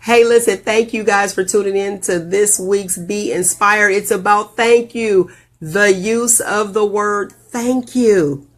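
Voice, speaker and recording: A woman hosting a casual live video show, telling stories with animated, jumpy delivery and big leaps in pitch on quoted lines. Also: takes it slowly. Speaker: host.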